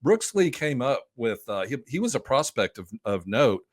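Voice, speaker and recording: A man's voice: medium pitch, sing-song, moderate pace, no echo, studio quality. A man guesting on a sports podcast, talking loosely and enthusiastically with lots of restarts. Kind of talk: casual podcast chat.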